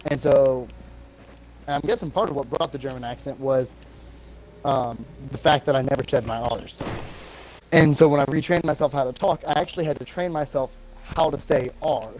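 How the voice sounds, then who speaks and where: A man's voice: mid-range voice, moderate pace, darkish tone, slight background noise. A man streaming a game, chatting casually and swearing freely when his shots miss. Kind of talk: casual chat while gaming.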